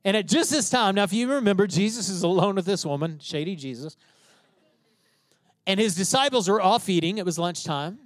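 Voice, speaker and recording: High-voiced man preaching a sermon. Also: expressive, fairly quick, dry recording. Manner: emphatic preaching, stresses key phrases, checks in with listeners. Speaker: pastor.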